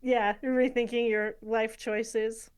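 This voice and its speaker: A woman's voice: on the high side, little pitch movement, slow pace, clear, resonant tone. A woman hosting a casual interview, reacting with laughs and asking follow-up questions. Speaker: podcast host.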